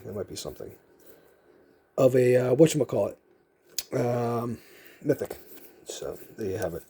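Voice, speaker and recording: A man vlogs casually while sorting through collectible cards, thinking aloud in unscripted, rambling, self-mocking commentary. His voice is medium-pitched and dark with a breathy edge.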